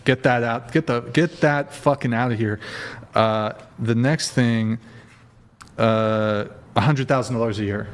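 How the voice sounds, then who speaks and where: A man's voice: medium pitch, steady tone, measured pace. Blunt, profane man hosting a podcast. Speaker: podcast host. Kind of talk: blunt casual chat.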